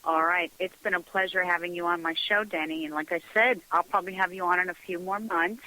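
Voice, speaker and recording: A woman's voice: lowish voice, fairly even intonation, brisk, bright, forceful tone, rough recording. A middle-aged woman hosting a radio talk show, chatting casually, laughing often and acting out quoted dialogue. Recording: radio broadcast sound.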